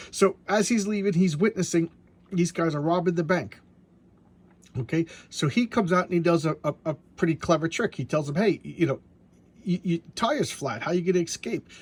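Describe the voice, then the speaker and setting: Give me a husky-voiced man giving a rambling, stammering comic book review. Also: a little high. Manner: rambling, stammers and repeats words. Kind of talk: casual spoken review.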